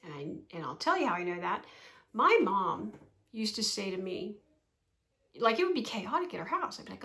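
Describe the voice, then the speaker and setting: A woman's voice: mid-range voice, big pitch swings, brisk, pushed and bright. A woman in her sixties talking casually to camera at home, chatty and rambling, laughing often. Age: 60s. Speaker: vlogger.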